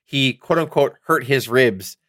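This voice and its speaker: A man's voice: medium pitch, measured pace, no room sound. Middle-aged guy rambling on a podcast, swears a lot, gets worked up, dry close sound. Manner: rambling, excitable, heavy swearing. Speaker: podcast co-host. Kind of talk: casual chat.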